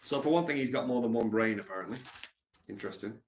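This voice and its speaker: A man hosting a livestream, rambling in a deadpan, mumbling way with lots of ums. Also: on the low side, quick pace, slight background noise. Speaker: livestream host.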